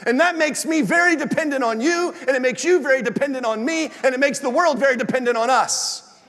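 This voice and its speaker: In a large church hall that lends his words a long reverb, a male pastor with a remarkably high voice preaches fairly quickly. He tells his sermon as an animated story, slipping into acted asides.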